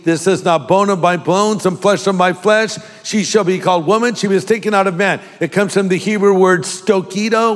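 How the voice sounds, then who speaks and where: High-voiced joking preacher in a reverberant hall. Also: male voice. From California. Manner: humorous, with joking asides and quick impressions. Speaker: pastor. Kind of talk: sermon.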